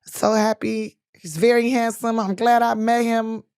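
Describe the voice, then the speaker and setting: A woman telling stories in casual talk, animated and laughing, acting out the voices of people in her stories. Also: on the high side, unhurried, clean tone, no echo, clean studio sound. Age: 20s. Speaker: guest. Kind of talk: casual storytelling.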